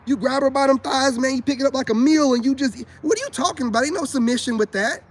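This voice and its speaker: His pitch is extremely high and he talks fast. The man, a self-styled spiritual advice vlogger, gives a casual, boastful, preachy monologue to camera, repeating his points and speaking straight to his viewers as brothers.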